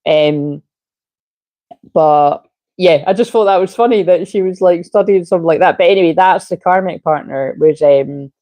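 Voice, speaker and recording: A woman's voice: lowish voice, moderate pace, dark tone, no room sound. Rambling woman reading tarot. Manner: rambling, digressive, casually swearing. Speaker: tarot reader. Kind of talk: casual spoken tarot reading.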